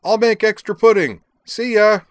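A man voicing an eager friend who yells across a lawn, in a storybook reading. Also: high-pitched, normal speed, no room sound, clean studio sound, voice pushed up, natural voice. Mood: shouting. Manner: shouted, eager.

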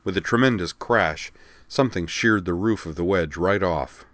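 A man reading scripted narration of a science fiction story in a steady, even way. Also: deep voice, moderate pace, no echo.

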